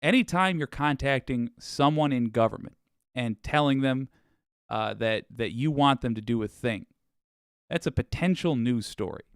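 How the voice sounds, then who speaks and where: A man's voice: medium pitch, expressive, normal speed, clean tone, dry recording, clean studio sound. Wry chatty man hosting a livestream. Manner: wry, chatty, with asides and laughs. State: voice going hoarse. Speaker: livestream show host. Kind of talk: casual livestream talk.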